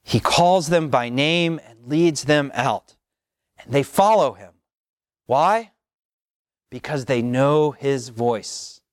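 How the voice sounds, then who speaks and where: A man preaching a sermon as pastor, slow and measured, repeating phrases with long pauses. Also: medium pitch, animated, smooth, no echo, clean studio sound.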